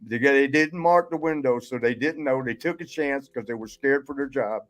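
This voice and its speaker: A man's voice: mid-range voice, normal speed. Laughing older man telling stories. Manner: laughs often, swears, rambling asides. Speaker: retired pro wrestler and podcast guest. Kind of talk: casual storytelling.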